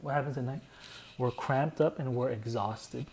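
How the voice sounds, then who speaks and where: A man's voice: medium pitch, normal speed, a little mellow, a little hiss or hum, low-quality recording. A young man casually explaining his own song in a loose, rambling way, full of "like" fillers.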